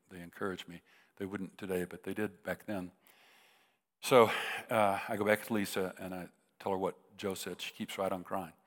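Older male preacher, low voice, halting story with emotional swells, long hall reverb. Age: about 70. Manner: halting storyteller, many restarts, voice rising into emotional peaks. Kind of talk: personal story in a sermon.

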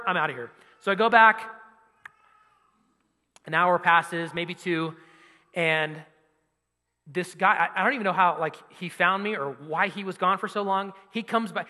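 A young man preaching, telling a personal story with animated energy and rising volume as he drives to his point. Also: high voice. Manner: animated storytelling, loud when quoting himself. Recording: long hall reverb.

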